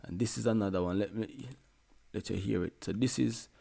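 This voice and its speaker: A man's voice: on the low side, a little fast, vocal fry, dark tone. A man with a Jamaican accent, a music producer talking casually through a tutorial in a laid-back way. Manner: laid-back, peppered with "you know what I mean".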